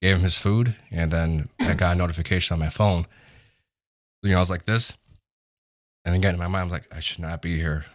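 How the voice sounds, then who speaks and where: A man, a podcast guest, calmly telling a story in casual talk. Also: low-pitched, brisk, long pauses. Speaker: guest, acting coach.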